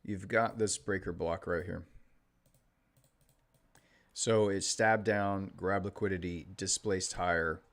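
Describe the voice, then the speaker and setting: A man with a very low voice talks through a live trading session. He's offhand and unhurried, thinking aloud as he points out setups on the charts. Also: steady tone, fairly bright tone. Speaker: trading livestream host. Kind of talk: casual live-stream commentary.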